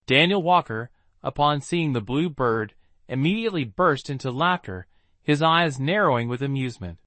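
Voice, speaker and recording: A man narrating a story recap with a lively storytelling manner. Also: medium pitch, moderate pace, dry recording.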